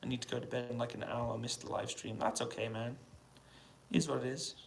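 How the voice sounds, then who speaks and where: A British man in a hotel room, answering viewers' questions on a casual, relaxed live stream and keeping his voice down so he doesn't wake anyone. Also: mid-range voice, quick pace, gravelly, very noisy. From United Kingdom. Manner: relaxed, quiet voice to avoid waking neighbours. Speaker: livestream host answering chat questions. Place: hotel room on an army base.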